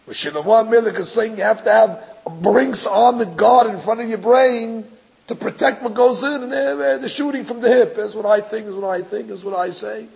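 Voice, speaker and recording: A man's voice: high voice, moderate pace, creaky, darkish tone, breathy edge, poor audio. A man, a rabbi giving a religious lecture, talking emphatically and rhetorically, stammering into restarts and acting out other people's voices. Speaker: rabbi teaching a class.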